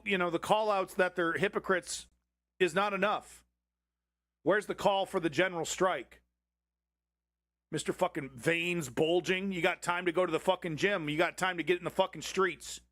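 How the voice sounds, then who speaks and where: A man's voice: high-pitched, fairly even intonation, normal speed, fairly bright tone, no echo. A man hosting a livestream, reacting to a political clip with angry, profanity-filled ranting. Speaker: livestream host.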